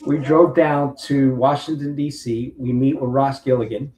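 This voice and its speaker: A man's voice: medium pitch, level tone, moderate pace, a little mellow. Man, late fifties, veteran interview guest, rambling storyteller, reverberant room. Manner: long-winded storyteller who acts out other people's lines. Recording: roomy with faint background hum.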